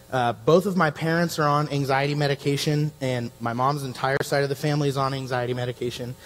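A man in his thirties, a pastor telling a personal story in a sermon, earnest and conversational. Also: fairly high pitch. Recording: long hall reverb.

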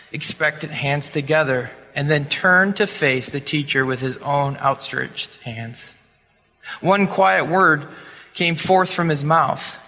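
A male preacher tells a sermon story dramatically, acting out sound effects along the way. His voice sits fairly high and sounds bright and forceful. It rings through a hall with long reverb.

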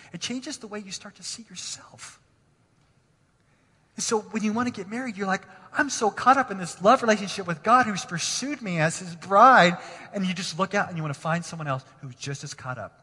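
A fairly high, bright-toned male pastor preaches with feeling in a church sanctuary. His delivery swings between quiet, intimate passages and loud, emphatic ones. A long reverb from the big hall trails after his words. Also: slightly rough. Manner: impassioned, swinging from hushed to emphatic. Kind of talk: sermon.

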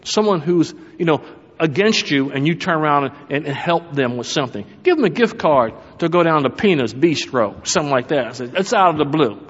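A middle-aged pastor preaches with a slightly raised, husky voice, and his sermon is full of storytelling and asides to the congregation. The sound is dull and lo-fi, with a long reverb from the church hall around him. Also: on the high side, lively intonation, fairly quick. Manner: storytelling with humor, talks to the congregation. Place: church sanctuary.

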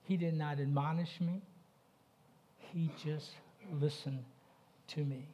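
A man's voice: a little high, fairly even intonation, slow pace, dark tone, a little hiss or hum. A middle-aged man preaching a sermon, talking conversationally and asking the congregation questions. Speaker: pastor.

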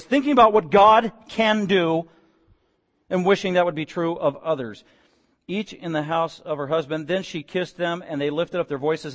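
A man preaching a sermon, reading scripture and retelling it in casual everyday words with jokes. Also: high-pitched. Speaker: pastor. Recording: long hall reverb.

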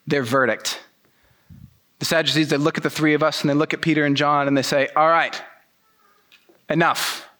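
A man telling a sermon story in the first person, animated and using casual slang. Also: on the high side. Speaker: pastor.

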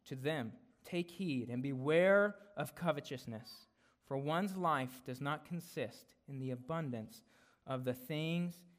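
Conversational man preaching a sermon. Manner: conversational, often tags lines with "right?"; grows louder and higher on emphasis, drops soft to close a point. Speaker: guest preacher. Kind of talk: expository sermon.

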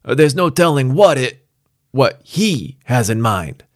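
A man's voice: mid-range voice, sing-song, measured pace, dry recording, clean studio sound, pitched above the performer's own voice. A man voicing a dim, brutish male character with a New York cop accent, grim and blunt.

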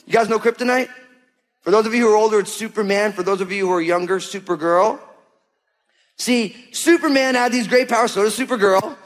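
A man with a notably high voice preaches to his congregation, casual and emphatic, slipping into quoted voices to make his points. His words ring out with a long reverb, as in a large church hall. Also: moderate pace. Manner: conversational, emphatic, uses quoted voices for God and listeners. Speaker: pastor. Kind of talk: sermon.

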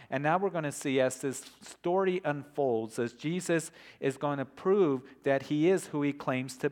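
A middle-aged man preaching a sermon as pastor, earnest and steady, with repeated phrases. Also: on the high side. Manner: earnest preaching, softens to a hushed prayer.

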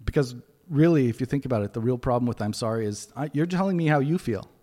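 A man's voice: medium pitch, animated, fast, dark tone. Man preaching in a reverberant hall. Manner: conversational, folksy asides. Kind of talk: sermon.

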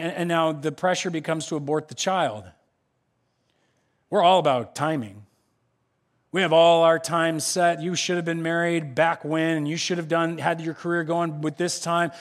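An American pastor preaches a lively sermon in a voice that sits fairly high for a man. He's animated, slipping into the voices of the people he quotes.

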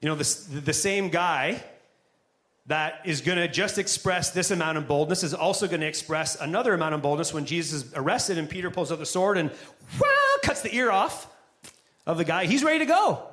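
A man's voice: a little high, lively intonation, a little fast, fairly bright tone. A man preaching a sermon to a congregation in a conversational style with joking asides. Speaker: pastor. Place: church before a live congregation.

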